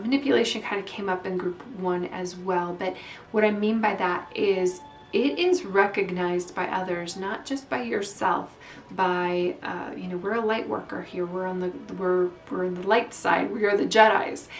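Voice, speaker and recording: A woman doing a spiritual tarot reading, talking in a rambling, halting way with many fillers. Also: mid-range voice, far from the mic. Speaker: tarot reader. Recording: echoey room, away from mic.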